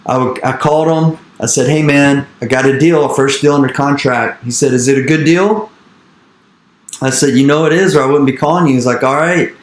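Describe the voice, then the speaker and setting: Animated male investor in an echoey room. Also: mid-range voice, brisk. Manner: animated, repeats phrases, acts out quoted dialogue. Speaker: real estate investor speaking to an investor group. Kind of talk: energetic storytelling talk.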